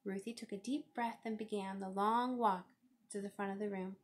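Woman, picture-book read-aloud, expressive, lively storytelling. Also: medium pitch, moderate pace. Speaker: reader.

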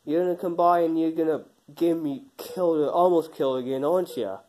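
A young man playing a bitter, hot-tempered man who was shot and now lies in hospital, yelling accusations in an amateur phone-call drama. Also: fairly high pitch, steady tone, a little fast, natural voice. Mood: angry. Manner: angry, shouting, accusing.

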